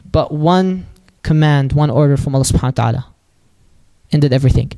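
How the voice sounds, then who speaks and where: Man, fairly high voice, animated religious storyteller, casual fillers, quoted voices acted out. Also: brisk, gravelly. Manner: lively, animated retelling with quoted voices and Arabic phrases. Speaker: storyteller at a mosque.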